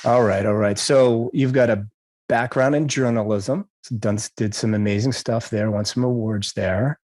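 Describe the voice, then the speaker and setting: A man's voice: medium pitch, fairly even intonation, moderate pace, a little mellow. Jokey self-deprecating man host. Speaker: podcast host. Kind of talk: casual interview talk.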